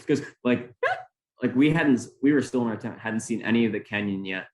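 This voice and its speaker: A man's voice: lowish voice, a little fast, rough recording. A man, a guest climber, chatting casually on a podcast with many fillers.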